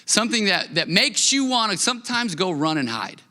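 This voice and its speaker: Bright-voiced animated pastor preaching. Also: male voice, sits high, normal speed, in a large hall. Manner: animated, conversational, repeats words. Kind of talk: sermon. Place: church hall.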